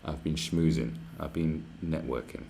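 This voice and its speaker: Very deep male streamer, casual, sweary, rambling. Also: moderate pace, creaky, mellow, a little hiss or hum. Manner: rambling, profane, chatty. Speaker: live streamer. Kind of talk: casual livestream chat. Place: where he is staying, not his home.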